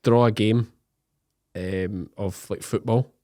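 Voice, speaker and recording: A man's voice: lowish voice, steady tone, takes it slowly, mellow. A man in his thirties from Scotland with an Ayrshire Scottish accent, co-hosting a casual podcast chat, joking and laughing as he acts out little bits. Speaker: podcast co-host.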